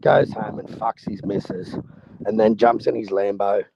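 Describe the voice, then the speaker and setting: A man calling into a live stream, excited, blunt and swearing freely. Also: fairly low pitch, normal speed, creaky, highs cut off, noisy background. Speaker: guest caller. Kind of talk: casual chat.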